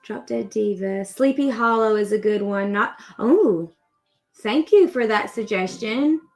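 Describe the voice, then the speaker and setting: A woman's voice: mid-range voice, animated, unhurried, faint music behind. A woman in her thirties hosting a crochet livestream, chatting in a rambling, upbeat way while she works. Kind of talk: casual chat while crocheting.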